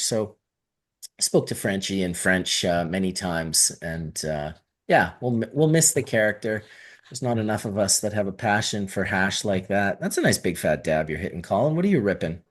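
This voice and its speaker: A man hosting a podcast in casual chat, rambling and swearing freely with animated shifts. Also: mid-range voice. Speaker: podcast host.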